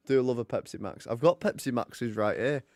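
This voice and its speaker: A man's voice: mid-range voice, normal speed, darkish tone. A young man chatting and joking casually while hosting a live hockey watch party. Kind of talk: casual live commentary and chat.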